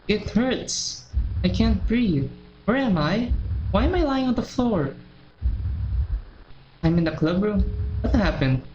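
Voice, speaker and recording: A woman's voice: medium pitch, big pitch swings, slow pace, long pauses, a little mellow, highs cut off, soft background music. A woman voicing a shy, intense teenage girl turning vicious while reading a visual novel aloud. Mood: pained.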